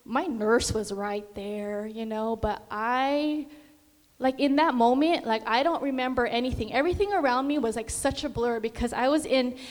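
A young woman's slightly high voice moves at a moderate pace through a casual testimony about her faith. She chats along with many fillers, sings, and acts out quotes, and the hall adds long reverb.

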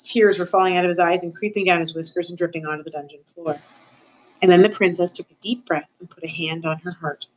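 A woman's voice: fairly low pitch, fairly even intonation, quick pace, a little hiss or hum, low-quality recording. A woman reading a children's novel aloud, telling it expressively and voicing the characters herself. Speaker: reader.

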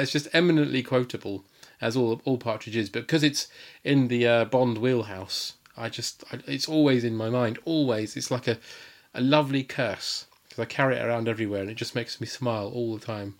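A man's voice: mid-range voice, brisk. Enthusiastic rambling man. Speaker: podcast guest. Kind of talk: casual chat.

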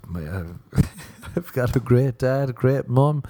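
Sunburnt and chatting loosely, an Irish stand-up comedian tells profane, playful stories on his podcast, using mocking voices for quoted lines. His lowish voice is warm and husky at normal speed, recorded dry.

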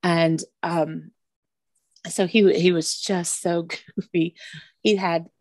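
A woman's voice: lowish voice, fairly even intonation, slow pace, a little mellow, no echo, studio quality. A middle-aged woman telling fond family stories in an interview, often laughing as she talks. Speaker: interview guest. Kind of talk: conversational storytelling.

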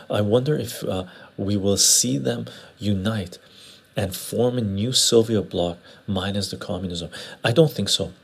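Casual livestream host, a man from Western Canada, low husky voice, rambling and chatty. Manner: rambling, conversational, often tags "right?". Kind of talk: casual livestream chat answering viewer comments. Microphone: lapel mic.

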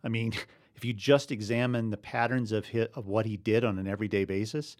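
A man's voice: lowish voice, steady tone, brisk, a little mellow, no room sound. Earnest man on a faith podcast, dry sound. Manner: earnest, explaining with chuckles. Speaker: podcast co-host. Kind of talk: casual faith discussion.

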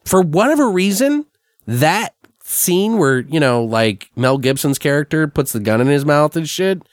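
A man hosts a podcast and recaps a movie in casual chat, animated and foul-mouthed, often laughing. His pitch swings widely, and the close, dry recording has no room echo. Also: a little slow. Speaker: podcast co-host reviewing a film.

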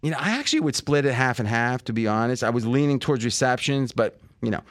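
A man's voice: medium pitch, animated, quick pace, no echo. A man talks through football picks in a loose, rambling way, often stopping to restart his thoughts. His voice sits in a middle register. The sound is dry and close to the mic. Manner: rambling, thinks aloud with many fillers and restarts. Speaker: podcast host. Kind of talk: casual sports betting chat.

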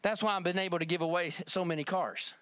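A man's voice: high-pitched, steady tone, fast, fairly bright tone, clean tone, dry recording. A man from Kentucky telling a folksy testimony in a sermon, calling on the church for amens. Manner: folksy storytelling, calls for amen. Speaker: preacher.

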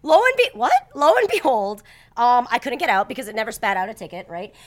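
Animated young woman telling a story. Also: a little high, quick pace. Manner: animated storytelling, acting out quoted voices. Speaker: podcast co-host. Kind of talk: casual chat.

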